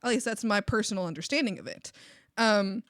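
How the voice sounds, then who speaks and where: Young woman, casual livestream chat, animated, rambling, dry close sound. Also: mid-range voice, brisk, dry recording. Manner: rambling, animated, swears and laughs often. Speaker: artist streamer.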